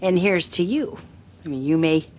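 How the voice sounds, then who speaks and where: Goofy good-natured woman spy, jokey, upbeat, lowish voice, film dialogue. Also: animated, moderate pace, darkish tone. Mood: cheery.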